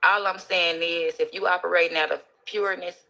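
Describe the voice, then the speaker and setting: A woman casually telling a story as a guest, animated and acting out the voices of the people in it. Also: on the low side, brisk, vocal fry.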